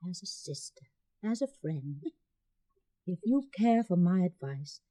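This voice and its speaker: An actress in a vintage radio play voicing a kind elder sister who speaks in a soft, earnest, consoling way. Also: female voice, lowish voice, animated, a little slow, low-quality recording.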